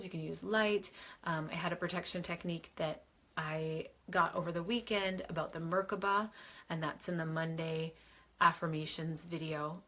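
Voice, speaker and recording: A woman with a fairly low voice speaks in a casual live question-and-answer session. She is chatty and reassuring, and she keeps restarting her sentences and filling pauses with "um" and "you know." She sounds middle-aged and talks like a medium answering her viewers. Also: fairly bright tone.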